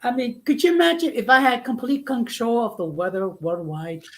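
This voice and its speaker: A man's voice: extremely high pitch, big pitch swings, moderate pace, fairly bright tone. A man chatting casually as a regular guest. He teases the others and argues the contrary side playfully. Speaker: union member and regular guest. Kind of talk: casual chat.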